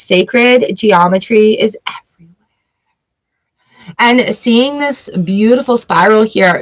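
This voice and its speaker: A woman from Canada giving a live-streamed tarot reading, chatty and affirming, greeting viewers by name as she talks. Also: on the high side. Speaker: tarot reader.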